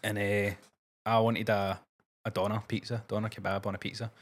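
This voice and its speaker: A man's voice: lowish voice, level tone, normal speed. A Scottish man co-hosting a podcast, telling stories in a laid-back, dry way. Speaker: podcast co-host, musician. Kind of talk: casual chat.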